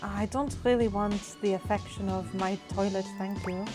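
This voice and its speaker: A woman playing a dating video game, joking with a dry, deadpan delivery. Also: medium pitch, moderate pace, over music. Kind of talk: casual game commentary.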